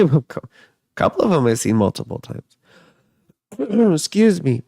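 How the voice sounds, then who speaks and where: A man's voice: on the high side, gravelly, a little mellow, dry recording, clean studio sound. A man giving a casual, rambling horoscope reading from his living room, chatting and drifting between topics. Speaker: astrologer and tarot reader.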